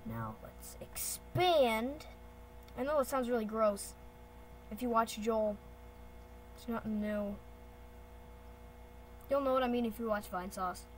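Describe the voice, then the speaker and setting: Slow, high-voiced playful woman. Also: slight background noise, rough recording. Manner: rambling, playful, self-correcting. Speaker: channel host. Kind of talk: casual screen-recording commentary. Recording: keyboard and mouse clicks behind. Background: typing and clicking.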